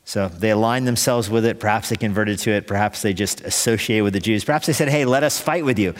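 A man preaches in an easygoing, conversational way and drops in wry asides. His mid-range voice rings out into a long hall reverb, as in a church sanctuary. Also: medium pitch. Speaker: pastor. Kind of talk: sermon.

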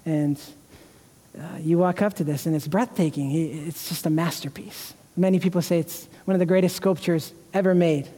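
High-voiced preaching man in a reverberant church. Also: steady tone, moderate pace, warm tone. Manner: earnest, emotional preaching with repeated restarts. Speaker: pastor. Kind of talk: sermon. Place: church sanctuary.

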